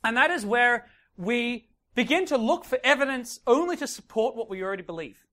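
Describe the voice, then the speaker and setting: A man coaching a live audience as a dating coach. He talks in an animated way, acts out little scenes and keeps checking in with "right?" and "okay?". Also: very high voice, fairly quick. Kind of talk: live seminar talk to an audience.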